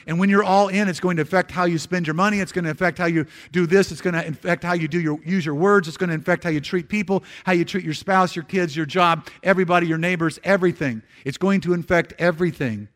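A man giving a conversational sermon in church, slowing for scripture and dropping soft for emphasis, with frequent restarts. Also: sits high. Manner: repeats words and restarts phrases. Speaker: pastor.

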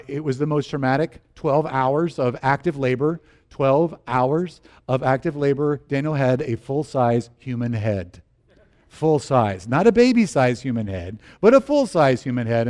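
A middle-aged man preaching a sermon, telling personal stories with animated, acted-out moments and quiet earnest turns. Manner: animated storyteller, acts out scenes with sudden high exclamations. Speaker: pastor.

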